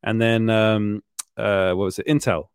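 A man's voice: on the low side, flat delivery, measured pace, clear, resonant tone, dry recording. Laughing British man in a dry booth. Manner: laughs often, rambling anecdotes with restarts. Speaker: podcast host. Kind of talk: casual chat.

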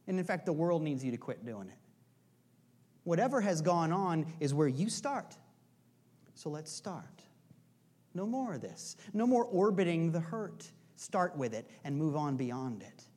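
A pastor preaching a sermon in a conversational, joking way, asking rhetorical questions again and again and sometimes dropping to a soft, hushed delivery. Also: mid-range voice, very animated, unhurried.

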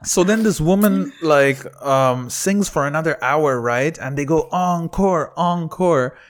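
A man telling a lively story in casual chat, acting out quotes and laughing often. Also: fairly high pitch, a little slow. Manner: animated, laughing storyteller who acts out quotes. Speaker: comedy producer and comedian.

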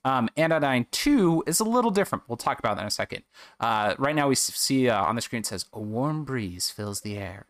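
A man's voice: mid-range voice, animated, quick pace, a bit bright, no echo. A man casually commenting on a video game and reading its text aloud, chatty, with fillers and self-corrections.

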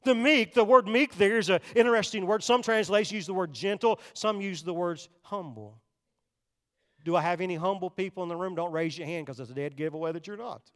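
An older man preaching a sermon, swinging between loud, urgent passages and hushed, quiet ones. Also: high voice, fairly quick, long reverb tail. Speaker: pastor.

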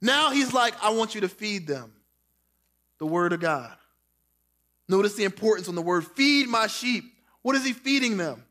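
A man preaching a sermon, reading scripture and acting out quoted lines, dropping soft and slow for tender words. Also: high voice, sing-song. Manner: preaching with dramatic quoted voices, drops soft for Jesus' words. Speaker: pastor.

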